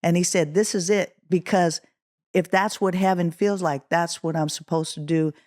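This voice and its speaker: A middle-aged woman from Oakland, California, a guest musician telling a story in an interview, acting out the quotes with a rising voice. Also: normal speed. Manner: animated, acts out quotes with rising pitch.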